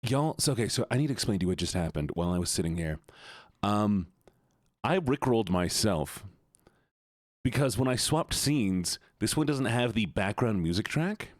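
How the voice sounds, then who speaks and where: Male streamer, low-ish voice, teasing casual chat, dry close mic. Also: animated, moderate pace, dry recording. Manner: playful, teasing, greets chat by name. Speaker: livestreamer.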